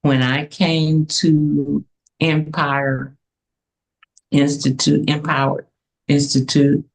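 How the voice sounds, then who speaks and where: A woman giving a heartfelt spoken tribute as a spiritual mentor, affectionate and unhurried. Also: sits low, level tone, gravelly, rough recording. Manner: slow, warm and affectionate, with soft laughs.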